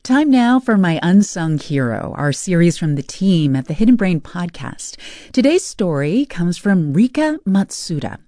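A woman hosts a radio segment, reading a scripted introduction. Her voice is low and mellow, with lively pitch movement. It is recorded dry in a studio. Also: a little slow, no room sound. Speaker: radio host.

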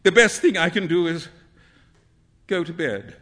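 A man doing an earnest, flustered young gentleman. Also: on the high side, measured pace. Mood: rueful.

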